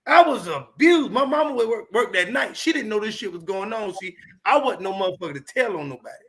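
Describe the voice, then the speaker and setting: A man in his fifties from Chicago, telling his life story on a podcast in an animated, profane, emphatic way. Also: high-pitched, fairly quick. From Chicago, United States. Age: 50s. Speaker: comedian guest. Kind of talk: candid storytelling.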